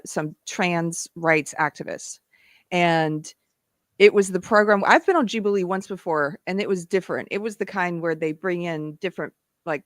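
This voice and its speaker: A woman's voice: on the low side, dry recording, studio quality. A woman from Texas hosting a live online panel, talking casually with many restarts and laughs. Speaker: host.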